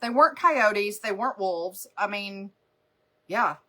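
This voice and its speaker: Hosting a live makeup stream, a woman chats casually and wanders through stories, laughing often. Her mid-range voice is animated, pushed, and bright, and she keeps a measured pace.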